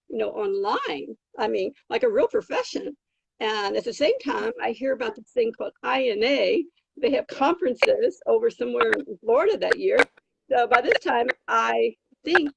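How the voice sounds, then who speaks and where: Older lady rambling thru nanny stories, lots of ums, gravelly and husky, dull dry recording. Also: on the high side, moderate pace, dry recording. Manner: rambling, many fillers and restarts. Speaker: guest, travel nanny. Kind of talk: casual anecdotal storytelling.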